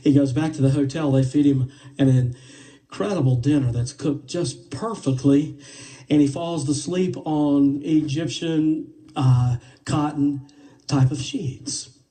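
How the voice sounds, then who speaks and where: Man telling a parable, mellow and distant. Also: on the high side, measured pace. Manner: animated, playful delivery with asides to the audience. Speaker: storyteller. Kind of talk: live spoken parable.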